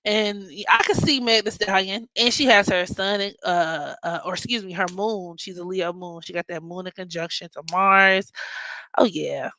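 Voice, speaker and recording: A woman's voice: mid-range voice, moderate pace, sharp tone, no room sound, poor audio. A woman from Maryland with a Baltimore accent, hosting a casual astrology chat in a blunt, profane, joking way. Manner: blunt, profane, joking, playful mock voices. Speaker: astrology podcast host.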